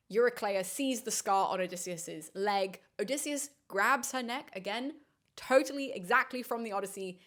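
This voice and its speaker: A young adult woman, a classicist host, giving an enthusiastic film analysis with quick asides and acted-out lines. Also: mid-range voice. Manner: animated, quick asides, acts out characters' lines.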